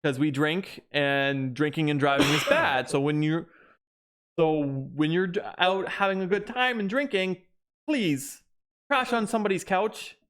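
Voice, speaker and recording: Unhurried and a little high-pitched with a fairly bright tone, a young man chats casually as a podcast co-host. His talk meanders and he keeps restarting sentences.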